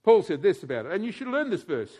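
A fervent preacher with a high male voice delivers a sermon to his congregation. He shifts from hushed, reflective talk to loud, urgent exhortation, and he has the crowd repeat lines back to him. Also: big pitch swings, fast, breathy edge. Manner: leads congregation in call-and-response.

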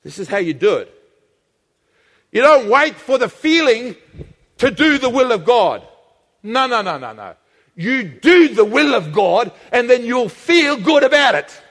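A man preaching a sermon, animated and calling on the congregation to answer him. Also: very high voice, unhurried. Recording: long hall reverb.

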